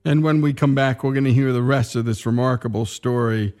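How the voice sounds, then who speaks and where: Male radio host, folksy, talks directly to the audience, mid-pitched. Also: brisk, a little mellow, soft background music. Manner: folksy, addresses listeners directly. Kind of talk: radio show segment wrap-up.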